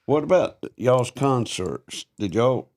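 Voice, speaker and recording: A man's voice: mid-range voice, big pitch swings, takes it slowly, a little mellow. An older man, co-hosting a casual chat with a drawling, wry manner and slightly formal wording. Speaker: podcast co-host.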